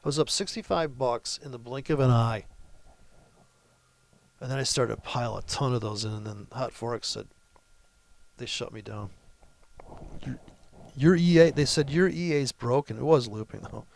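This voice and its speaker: A man's voice: mid-range voice, steady tone, moderate pace, gravelly, long pauses, a little hiss or hum. A man hosting a trading video, giving brash, profane, mocking commentary over his charts. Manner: brash, swearing, mocking, ranting. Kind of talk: profane ranting screen-share commentary.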